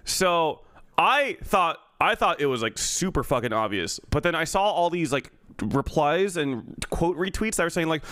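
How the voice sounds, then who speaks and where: Guy streamer, kinda high voice, chatting and cursing, dry close mic. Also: animated, moderate pace, sharp tone, no room sound. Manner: casual, swears, reads out subscriber thanks. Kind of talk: live stream chat.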